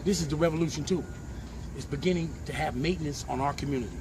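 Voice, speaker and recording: A man's voice: a little high, fast, crowd noise, low-quality recording. A man speaking intensely in an outdoor interview, his voice rising into emotional outbursts. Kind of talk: impassioned street interview. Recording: outdoor street noise.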